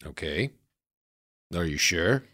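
A man's voice: low voice, animated, slow pace, pushed and bright, full character voice. A man playing a vain, pompous anchorman hosting a comedy podcast, prone to melodramatic panic. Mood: fussy. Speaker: podcast host.

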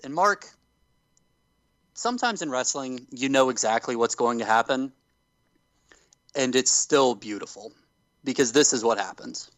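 A man hosting a podcast, telling a story with animated enthusiasm in casual chat. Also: mid-range voice, unhurried, pauses often, no room sound, rough recording. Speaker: podcast host.

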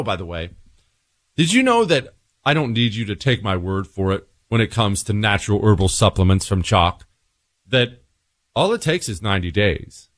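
Talk radio host, male, drawl, lively exasperated delivery, dry close mic. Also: on the low side, moderate pace, dry recording. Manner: animated, exasperated, joking. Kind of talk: political talk radio monologue.

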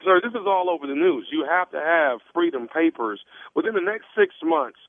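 A man making a prank phone call, posing as a salesman with an earnest pitch full of stumbles and restarts. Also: animated, normal speed. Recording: tinny phone line.

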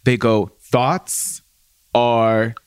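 A woman co-hosting a podcast, chatting casually in a playful, jokey, expressive way. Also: rumbling low, drawn-out words, smooth, dry recording, studio quality. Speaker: podcast co-host. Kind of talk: casual chat.

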